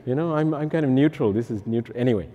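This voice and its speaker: A middle-aged man, a priest, giving a personal testimony in lively storytelling style with self-mocking humorous asides. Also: medium pitch, fast talker. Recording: echoey hall.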